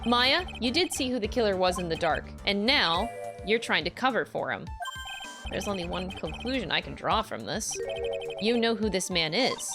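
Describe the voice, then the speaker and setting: A woman's voice: medium pitch, animated, normal speed, close to an everyday voice. A woman reading a determined young male attorney. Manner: earnest, pressing. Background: game music.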